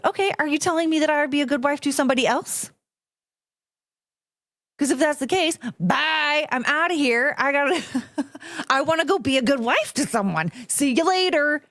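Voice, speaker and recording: A woman's voice: sits high, expressive, a little fast, a bit bright. A young woman hosting her own solo podcast, ranting bluntly and sarcastically, swearing freely and laughing as she goes. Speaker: podcast host. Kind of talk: solo casual chat, ranting to a camera.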